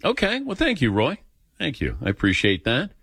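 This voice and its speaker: Male radio host, lively swooping delivery, dry studio sound, takes calls. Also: mid-range voice, moderate pace, breathy edge, no echo. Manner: animated, acts out voices in anecdotes. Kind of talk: casual storytelling and taking calls.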